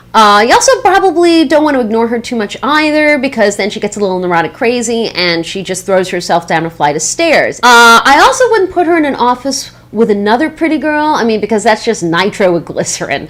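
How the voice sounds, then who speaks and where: A woman's voice: a little high, a bit bright. An actress playing a young catty woman who sabotages her former employee with gushing, backhanded praise over the phone. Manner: sweetly sarcastic, gushing, backhanded. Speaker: former boss giving a job reference by phone. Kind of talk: scripted comedy monologue.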